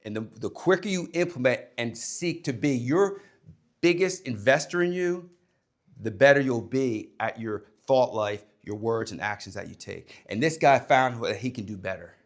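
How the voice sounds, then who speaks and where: A man and former coach giving a motivational talk to young people, emphatic, swinging between loud and hushed delivery. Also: mid-range voice, animated, normal speed.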